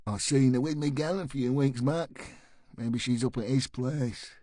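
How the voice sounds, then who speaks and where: A man voicing a brash young woman in her twenties with a Yorkshire accent, cheeky and loud. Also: mid-range voice, unhurried, dry recording, clean studio sound, natural voice. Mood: flat.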